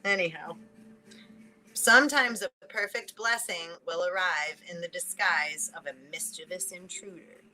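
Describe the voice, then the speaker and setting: A woman hosting a casual spiritual reading, chatting and laughing between thoughts, swearing casually and slowing down to read card messages aloud. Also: fairly low pitch, bright, forceful tone, poor audio. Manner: reads oracle card messages aloud slowly. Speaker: spiritual reader and channel host.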